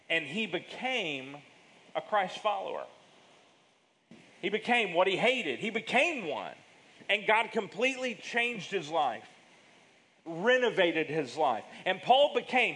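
A male pastor preaching a sermon with emphatic delivery, big swings in pitch and loudness, and drawn-out words. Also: low-quality recording.

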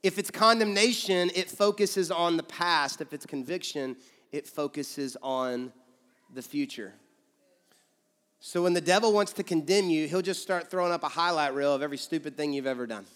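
A man's voice: fairly high pitch, animated, moderate pace, fairly bright tone, big-room sound. A man preaching a sermon as pastor, punchy and direct, acting out accusing and encouraging voices. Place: church.

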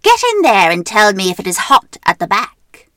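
A woman's voice: medium pitch, sing-song, sharp tone, no room sound. An Irish woman voicing a screeching, greedy old witch in a storybook reading. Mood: cackling greedy. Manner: drawn-out, sing-song, greedy relish.

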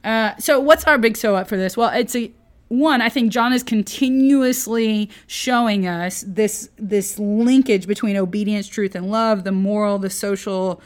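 A woman's voice: mid-range voice, unhurried. A woman giving a casual, chatty Bible lesson, playful and full of jokey asides. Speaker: Bible teacher.

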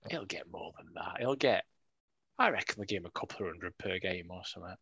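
A man's voice: sits low, expressive, brisk, pushed and bright, breathy edge, dry recording. Chatty man on a podcast. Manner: joking, chatty, with many restarts. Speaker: podcast co-host. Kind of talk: casual chat.

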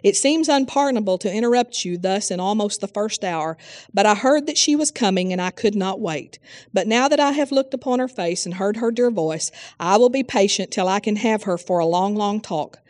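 A woman reading aloud the warm, cordial words of a dear old woman friend. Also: mid-range voice, brisk, no echo, studio quality, natural voice. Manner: cordial, soft.

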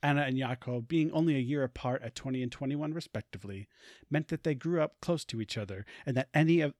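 A man's voice: mid-range voice, fast, a little mellow, no echo, studio quality. A man reading a story aloud on a podcast, giggly and stumbling over words. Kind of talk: casual read-aloud.

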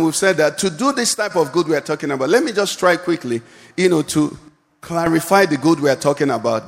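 A man's voice: a little high, big-room sound. A male pastor preaching a sermon and calling out questions for the congregation to answer. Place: church hall.

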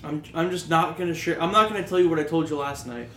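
A man's voice: fairly high pitch, quick pace, a bit bright. A man co-hosting a podcast, chiming in with short dry jokes and agreement. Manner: brief, dry, laughing interjections. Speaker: podcast co-host. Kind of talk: casual podcast chat. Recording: roomy echo, faint background hiss.

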